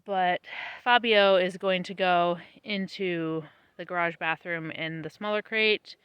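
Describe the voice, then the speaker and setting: A woman vlogging casually about her homestead, tired after planting, chatty and laughing often, her voice trailing off softly. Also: lowish voice, fairly even intonation, unhurried, smooth, dry recording, rough recording. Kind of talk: casual vlog talk to camera. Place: outdoors on a small homestead.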